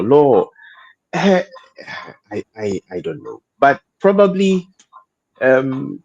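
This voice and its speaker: A man's voice: on the low side, darkish tone. A man speaking as a panel guest in a studio discussion, hesitant, repeating words and laughing often.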